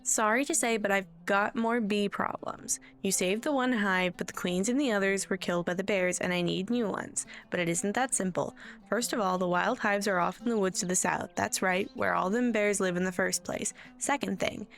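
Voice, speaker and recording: Folksy hobbit beekeeper, plainspoken, worried, fry in the voice, read by a woman. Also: medium pitch, normal speed, hardly any pauses, fairly bright tone, faint music behind, natural voice. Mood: earnest. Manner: folksy, plainspoken, countrified grammar.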